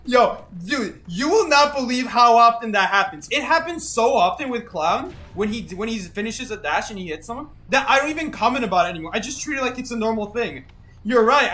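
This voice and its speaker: Excitable game streamer, lively pitch. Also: brisk. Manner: excitable, swings between shouting and flat exasperation. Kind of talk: live gameplay commentary.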